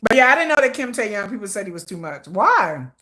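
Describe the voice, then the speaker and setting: A woman's voice: mid-range voice, brisk. A woman hosting a casual fan livestream, telling stories with lots of laughter and drama. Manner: animated, laughing, dramatic storytelling. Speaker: livestream host.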